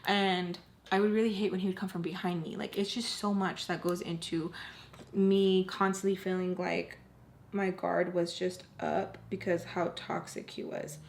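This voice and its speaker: A woman's voice: lowish voice, little pitch movement, normal speed, vocal fry. A young woman in her twenties telling a personal story to camera in a casual storytime, filling her sentences with "like" and sometimes dropping to a near whisper. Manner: frequent "like" fillers, drops to near whispers when tense.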